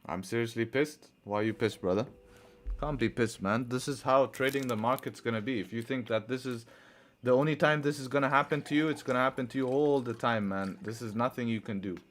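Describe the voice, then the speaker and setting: A man's voice: medium pitch, brisk, a bit bright. A man livestreaming his trading, thinking aloud, answering chat and groaning when trades go against him. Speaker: trading live-streamer. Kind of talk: casual live-stream commentary.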